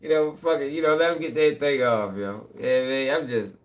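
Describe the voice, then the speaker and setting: A man's voice: medium pitch, steady tone, normal speed. A young man hosting his own live stream, ranting in a heated casual way, cursing, repeating himself and laughing between points. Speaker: channel host.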